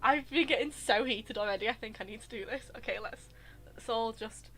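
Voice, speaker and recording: A woman giving live gaming stream commentary through a headset, ranting in an exasperated, animated way. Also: a little high, a little fast, soft background music. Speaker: game streamer.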